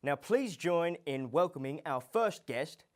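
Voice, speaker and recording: A man hosting a mock TV comedy show, his fairly high voice swinging widely between big, showy announcements and flat asides. He has a lively, hammy host delivery. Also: measured pace.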